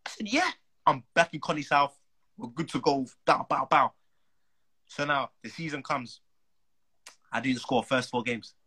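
A young man, a footballer telling an animated, slang-filled story as a guest. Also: mid-range voice, measured pace, pauses often, husky, poor audio. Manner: animated, slang-heavy, acts out the people he quotes. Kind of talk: casual storytelling.

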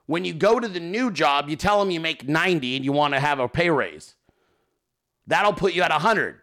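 A man hosting a podcast in casual, profane, joking chat, quick to laugh. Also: a little high, lively intonation, fairly bright tone. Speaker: podcast host.

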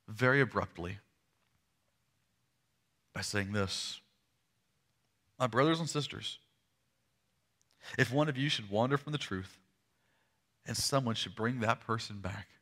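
A man preaching a sermon, retelling a story dramatically, swinging from loud emphasis to hushed lows and slowing down to stress key lines. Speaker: pastor.

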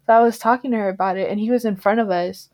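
A woman's voice: medium pitch, fairly even intonation, rapid-fire, a little mellow. Chatty young woman, laughs a lot. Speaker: podcast co-host. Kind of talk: casual storytelling chat.

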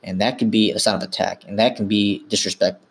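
Gravelly husky man hosting a podcast. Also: on the low side, steady tone, a little fast. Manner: informal and instructive, many self-corrections. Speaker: podcast host. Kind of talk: casual explanatory monologue.

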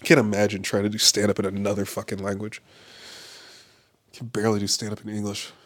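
A man's voice: on the low side, completely flat delivery, a little fast. A man who does stand-up, ranting casually and profanely, rambling with lots of "like" and frequent laughs. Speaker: stand-up comedian. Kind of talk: casual podcast-style rant. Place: Los Angeles area.

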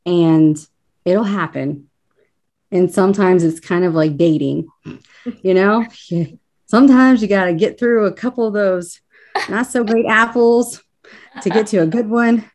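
A woman's voice: mid-range voice, a little slow, pauses often, a little mellow. A woman with a light Kentucky accent, a school counselor, speaking thoughtfully in a casual podcast interview and laughing easily at herself.

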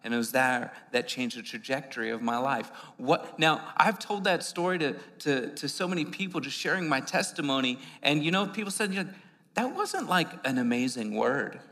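Speaking briskly with few pauses, this man has a sharp, mid-range voice. He delivers a conversational sermon inside a church sanctuary, repeating words frequently and filling gaps with fillers, all captured with a long, hall-like reverb.

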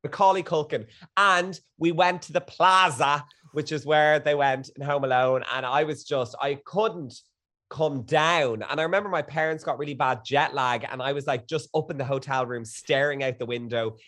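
A young man guest in a casual chat, telling stories in a gushing, excitable way. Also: on the high side, moderate pace.

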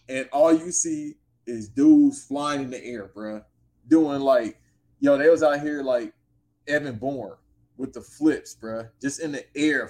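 A man spins a story in easy, casual conversation, full of slang and lively asides. He speaks loosely and in a laid-back way, with his pitch in an ordinary middle range.

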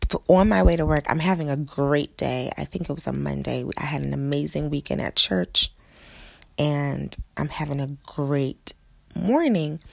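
A woman's voice: deep voice, normal speed, gravelly, no echo. A woman pastor telling a personal testimony in an earnest way, often speaking straight to her listeners as "guys".

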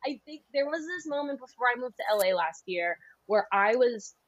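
A young woman comedian chatting on a podcast, rambling and animated, often slipping into voices. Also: on the high side, fairly quick, no room sound, highs cut off. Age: young adult. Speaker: comedian guest. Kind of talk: casual podcast chat.

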